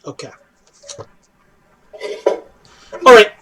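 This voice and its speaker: A man's voice: very slow, bright, forceful tone, a little hiss or hum. A man narrating as game master of a tabletop game, joking and laughing, often restarting his sentences. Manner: jokey, with frequent restarts and laughs.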